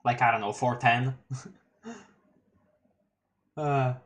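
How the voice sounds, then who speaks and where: A streamer reading a webcomic live, excitable, laughing often and restarting sentences. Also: medium pitch, drawn-out words. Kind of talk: casual live-read commentary.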